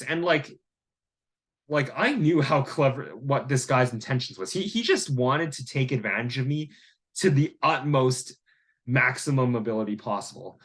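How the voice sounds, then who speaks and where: Male vlogger, average pitch, casual rambling monologue. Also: expressive, normal speed, fairly bright tone. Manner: rambling, heavy use of "like" and "you know". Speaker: vlogger and landlord.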